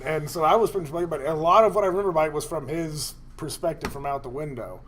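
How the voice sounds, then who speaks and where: Fast-talking rambling man telling stories. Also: fairly high pitch. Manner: rambling, animated, laughing. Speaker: podcast co-host. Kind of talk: crude storytelling chat.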